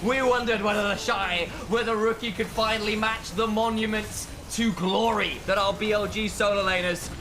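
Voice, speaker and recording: A man doing live esports play-by-play commentary, dramatic and building to shouted calls. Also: sits high, steady tone, normal speed, pauses often, noisy background.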